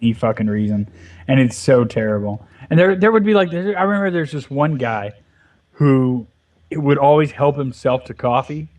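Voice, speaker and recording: A man's voice: medium pitch, lively intonation, normal speed, a little mellow. Profane ranting man. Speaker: Minecraft let's play co-host. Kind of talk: casual gaming chat. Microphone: headset or desk mic, volume fading at times.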